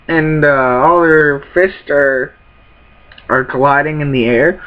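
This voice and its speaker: A man reads comic panels aloud and mutters his guesses about what he sees. He talks slowly in a slightly high voice. The recording sounds dull and lo-fi. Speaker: YouTuber reacting to a manga. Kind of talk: casual live reaction reading.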